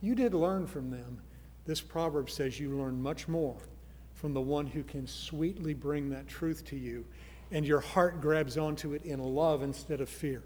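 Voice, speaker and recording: A man preaching a sermon, earnest, moving from soft pleading to loud emphasis. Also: fairly high pitch, a little slow, hardly any pauses, in a large hall, a little hiss or hum. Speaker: pastor.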